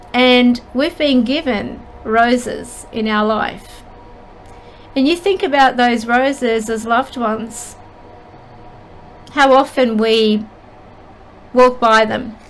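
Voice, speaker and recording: A middle-aged woman, a spiritual medium, telling a personal story in an earnest, halting and emotional way. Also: a little high, slight background noise, poor audio. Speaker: spiritual medium and channel host.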